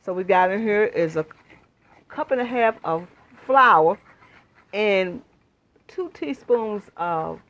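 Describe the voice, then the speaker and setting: A woman hosting a home cooking demonstration in her kitchen, chatting homely with viewers. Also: on the low side. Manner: homey, chatty, addresses viewers as y'all. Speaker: cooking channel host.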